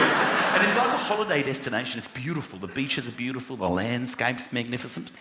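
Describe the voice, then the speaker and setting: A man's voice: medium pitch, fast talker, heavy background noise. A man performing stand-up comedy, telling stories animatedly and acting out characters. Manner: animated storytelling, acts out characters. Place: large theatre stage. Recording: echoey theatre with loud crowd laughter.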